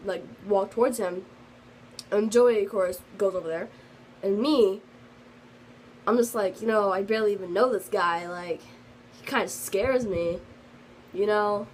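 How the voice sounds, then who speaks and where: A woman's voice: medium pitch, slight background noise, low-quality recording. A teenage girl telling a storytime vlog in a rambling, casual way, full of fillers, and slightly sick. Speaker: vlogger.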